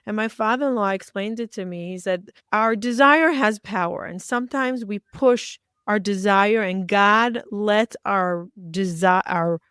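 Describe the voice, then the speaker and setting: A woman's voice: medium pitch, measured pace, hardly any pauses, a bit bright, clean tone, no echo, clean studio sound. A woman hosting a podcast, explaining ideas conversationally and acting out quoted prayers. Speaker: podcast host. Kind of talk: conversational interview.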